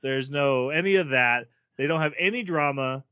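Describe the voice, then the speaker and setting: A man's voice: medium pitch, moderate pace, bright, forceful tone, smooth, dry recording, highs cut off. A man co-hosting a podcast, casually recapping an anime's plot and quoting the characters' lines. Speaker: podcast co-host.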